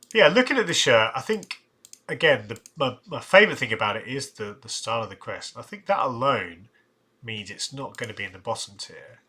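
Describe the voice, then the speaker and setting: A man's voice: medium pitch, expressive, a little fast, sharp tone, husky. A man hosting a casual live stream, thinking aloud with restarts and asides. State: tired, yawning. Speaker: live-stream host ranking football shirts.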